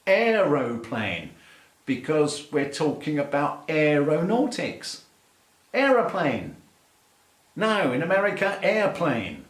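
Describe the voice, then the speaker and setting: A man's voice: medium pitch, echoey room. A middle-aged English man with an English accent, an aviation English teacher giving a playful, mock-exasperated rant to camera. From England. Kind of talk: light-hearted rant to camera.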